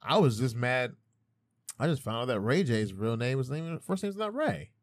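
A man in his thirties co-hosting a podcast, chatting casually, playful and animated, swearing freely. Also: mid-range voice, moderate pace, no room sound, clean studio sound. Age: 30s. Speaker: podcast co-host. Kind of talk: casual chat. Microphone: studio microphone.

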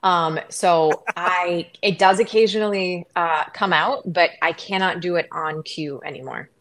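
A low-voiced middle-aged woman from Wisconsin chats as a guest on an interview show. She talks fast and loosely, piling up "like" and starting sentences over. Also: fairly bright tone. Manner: chatty, quick, many likes and restarts. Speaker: guest, sports anchor. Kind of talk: casual interview chat.

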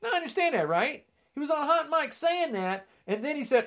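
A man's voice: very high voice, very animated, brisk, fairly bright tone. A man delivering an angry political rant, sarcastic and indignant, often mocking.

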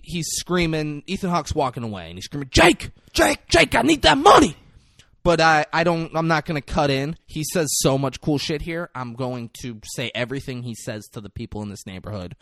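A man in casual podcast chat, retelling a film scene with animated, loud impressions and lots of swearing. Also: a little high, normal speed, few pauses, no echo, clean studio sound. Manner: animated, acts out quotes loudly, swears a lot.

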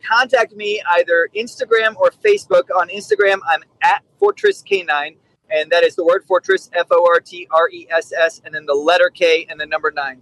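A man's voice: high voice, fairly bright tone, poor audio. A middle-aged man, a podcast guest who trains dogs, telling stories in a candid, blunt way. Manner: candid, blunt, acts out quotes. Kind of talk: casual storytelling.

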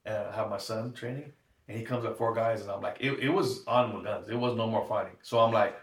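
A man's voice: lowish voice, a little fast. A man giving a tearful, shaky personal testimony, acting out the dialogue in his story. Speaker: guest. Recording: echoey room, mic at a distance.

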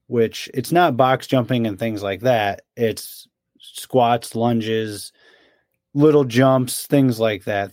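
A young adult man co-hosting a casual podcast chat, telling stories with animated voices for his friend. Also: lowish voice, dry recording, studio quality. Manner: animated storyteller, mimics his friend's complaints. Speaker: podcast co-host.

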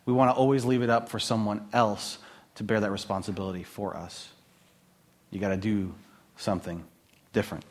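A man's voice: fairly low pitch, a little fast, pauses often. A man preaching a conversational sermon as a pastor, telling stories with jokes and laughs and a lot of filler words. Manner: animated, joking storyteller with laughs and filler words.

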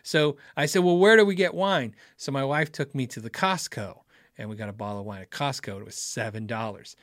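Briskly and with a fairly bright tone, a medium-pitched middle-aged man tells a meandering story on his livestream, correcting himself and chuckling, then turns to replying to chat. The studio-quality sound has no echo.

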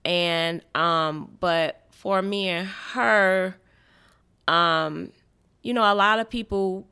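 A woman in her forties, a mother, talking casually on a podcast in a halting way, with many pauses and fillers. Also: lowish voice, gravelly, sharp tone, smooth. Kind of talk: casual conversation.

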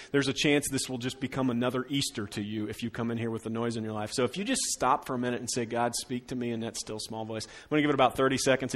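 A middle-aged male pastor delivering a sermon at a middling pitch. He moves from strong, raised lines into soft, drawn-out ones and back again. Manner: shifts between loud emphasis and hushed, slowed phrases.

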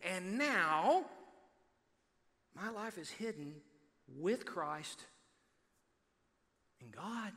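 A man from Texas preaching a sermon in a church hall, his high, bright voice carrying into a long reverb. He repeats words for emphasis and swings from loud declarations to hushed asides. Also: lively intonation, slow pace, pauses often.

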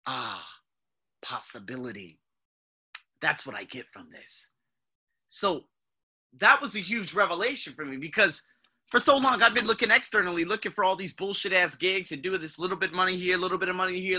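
Podcast host, man, 30s, casual and profane, bright, lively delivery. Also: sits high, fairly quick. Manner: blunt and profane, swings from mumbling to loud bursts. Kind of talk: casual monologue.

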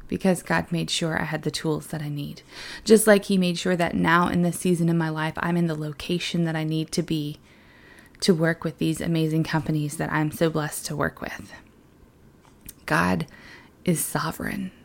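Gravelly-voiced young woman giving a devotional. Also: low voice, level tone, normal speed. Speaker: children's ministry worker. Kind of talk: devotional talk.

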